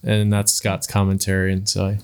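Low monotone man, halting speech. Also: clean tone. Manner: halting, restarts sentences. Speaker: podcast co-host reading commentary. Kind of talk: casual Bible study discussion.

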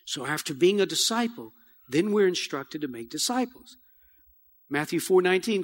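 A man preaching a sermon as pastor, calling out "Amen?" to the congregation and leading a slow, soft prayer. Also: high voice, very animated. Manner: call-and-response preaching, repeated "Amen?". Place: church sanctuary.

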